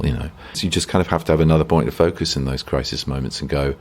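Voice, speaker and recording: A man's voice: a bass voice, fast talker, hardly any pauses, a little hiss or hum. A man, an actor as a guest, talking reflectively and self-deprecatingly in a rambling interview, often restarting sentences.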